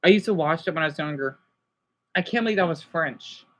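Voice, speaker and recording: Rambling excitable young man chatting. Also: fairly high pitch, fairly quick. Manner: rambling, excitable, many restarts and exclamations. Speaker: YouTuber. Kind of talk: casual livestream chat answering viewers.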